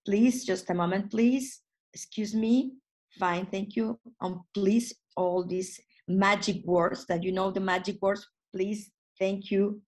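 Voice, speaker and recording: A woman trainer leading an online lesson on phone English for tourism staff. She speaks in non-native phrasing with frequent restarts. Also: lowish voice. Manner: lively teaching, acts out short phone dialogues.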